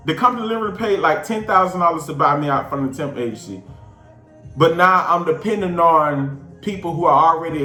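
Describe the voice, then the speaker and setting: A man from Georgia with a Southern accent, casually telling a personal story with lively, slangy delivery and big swings in his voice. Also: a little high, reverberant. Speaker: show host.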